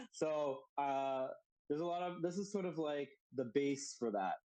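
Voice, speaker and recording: A man's voice: on the high side, slow, poor audio. Male podcast co-host, easygoing, meandering delivery full of fillers. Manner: relaxed, rambling with many fillers. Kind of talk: casual chat.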